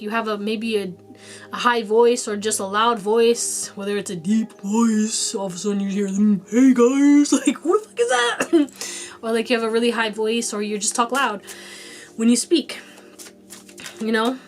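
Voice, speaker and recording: A young woman giving a casual tarot card reading, chatty and slangy, laughing often as she talks. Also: a little high. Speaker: tarot reader.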